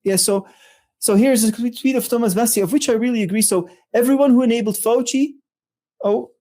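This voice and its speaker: A co-host in a casual talk show speaking in a reflective, halting way and often pausing to find the words. The voice is mellow and mid-pitched. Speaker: podcast co-host. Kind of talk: casual chat.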